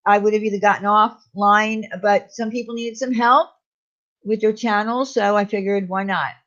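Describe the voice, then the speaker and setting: Her medium-pitched voice is steady and fairly bright, delivered at an ordinary speed. As host of a casual stream she chats with viewers, reads their messages aloud, and reassures them by name, heard through slightly dull lo-fi stream audio.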